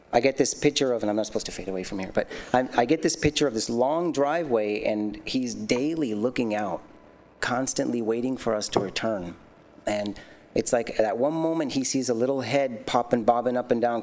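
This mid-range male voice belongs to a lay speaker offering his testimony in a sermon. His delivery is animated and sincere, full of restarts and little embarrassed laughs.

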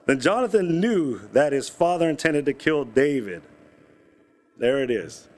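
Male pastor, sermon, scripture reading, conversational, jokey asides, fairly high voice. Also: lively intonation, unhurried. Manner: casual and conversational, with asides and jokes.

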